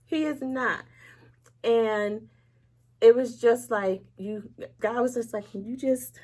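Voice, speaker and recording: Her voice sits fairly high and a little mellow, with steady intonation and an unhurried pace. Appearing as a guest in an interview, this woman talks openly and emotionally about her faith, voicing other people's words and slipping in soft laughs amid the serious moments.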